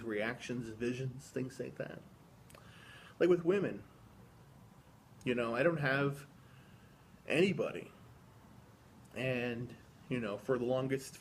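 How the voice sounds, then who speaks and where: A man's voice: mid-range voice, a little hiss or hum. A man talking to camera in a personal video diary, reflective and earnest, rambling with many restarts and fillers. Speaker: vlogger.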